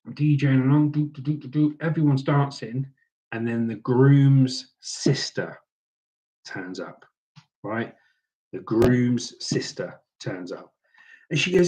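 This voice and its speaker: A middle-aged man with a British accent, telling a story casually to the camera and acting out other people's lines with lively voices. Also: medium pitch, moderate pace, poor audio. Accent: British English.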